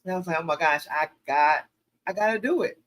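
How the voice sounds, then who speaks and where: A woman hosting a casual livestream Q&A, telling stories in an animated, preachy way and calling her viewers y'all. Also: fairly low pitch, fast. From American South. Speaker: show host.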